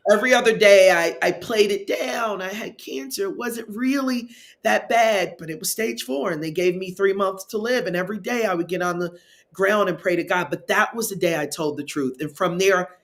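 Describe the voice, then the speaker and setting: A woman speaker on a live panel, telling a personal story in an emphatic, expressive way. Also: medium pitch, moderate pace. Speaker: keynote speaker and wellness coach.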